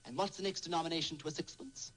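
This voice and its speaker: A man's voice: a little high, racing, fairly bright tone, lightly acted. An actor playing a prim, fussy male tutor in an old radio comedy, speaking. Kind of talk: 1940s radio acting. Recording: noisy old radio broadcast.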